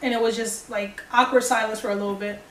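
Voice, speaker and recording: A young woman with a fairly high voice talks fast, telling the camera a personal story and acting out what everyone said in an animated way. She's a vlogger, recorded in an echoey room with a distant mic.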